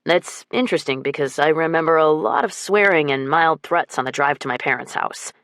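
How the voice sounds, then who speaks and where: A woman reading an audiobook, voicing a playful, teasing young man in a lowered voice. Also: lively intonation, fairly quick, a bit bright.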